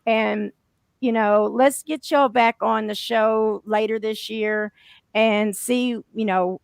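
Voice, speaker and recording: A woman hosting a podcast, chatting loudly with a laugh and reading out viewer comments. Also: on the high side, fairly even intonation, slow, gravelly, clean tone, dry recording. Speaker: podcast host. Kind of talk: casual chat.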